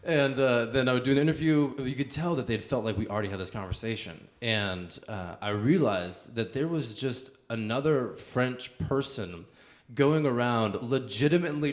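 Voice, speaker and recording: A young man, a comedian, telling a rambling story to a live audience in a casual, chatty way with lots of fillers. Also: mid-range voice.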